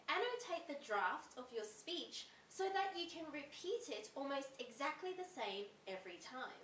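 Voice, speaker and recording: A young Australian woman teaches in a clear, deliberate way, her high voice rising and falling a lot. She sounds set back from the microphone in a roomy space. A faint hiss runs underneath. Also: a bit bright. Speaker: tutor. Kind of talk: instructional video talk. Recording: roomy echo from a distant mic with faint hiss.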